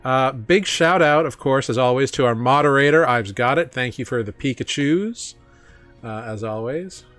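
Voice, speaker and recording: A man hosts a tabletop game stream as its game master, speaking in a relaxed, casual way full of small fillers and easy laughter. His voice sits at an ordinary middle pitch, and faint music plays quietly underneath. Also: normal speed.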